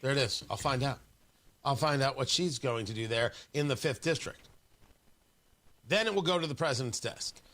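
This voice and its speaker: A man's voice: medium pitch, animated, normal speed, pauses often, fairly bright tone. A man hosting a talk radio show, delivering a combative, emphatic opinion monologue into a studio microphone with hammering repetition.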